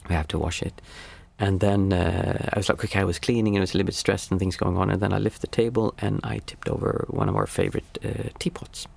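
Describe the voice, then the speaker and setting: A low, creaky, slightly mellow male voice moves quickly with fairly even intonation and hardly a pause. He's a meditation teacher and father of small children, young adult to middle-aged, giving a reflective, casual livestream talk while searching aloud for the right words.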